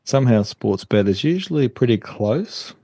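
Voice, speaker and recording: A man co-hosting a podcast, relaxed with a dry humour. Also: mid-range voice, normal speed, no echo. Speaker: podcast co-host. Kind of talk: casual chat.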